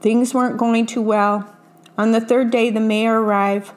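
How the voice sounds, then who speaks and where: A woman reading a picture book aloud, pausing to describe the pictures casually. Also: on the high side, level tone. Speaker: storyteller.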